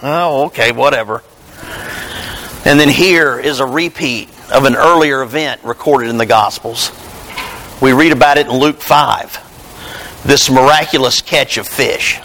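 A male pastor preaching a sermon, retelling Bible stories and acting out their dialogue in an animated way. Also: mid-range voice, unhurried, slight background noise.

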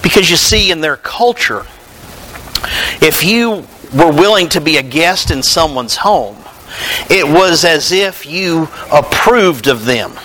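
A man preaching a sermon, animated and conversational, joking with his congregation. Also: on the high side, slow pace, slight background noise, poor audio. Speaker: pastor.

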